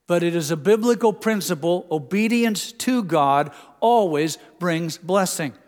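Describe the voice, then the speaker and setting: An older man preaches to his congregation, his voice sitting high for a man. He asks them questions directly and earnestly. His words ring with a long reverb through the church hall. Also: lively intonation, unhurried. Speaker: pastor. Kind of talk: sermon. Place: church sanctuary.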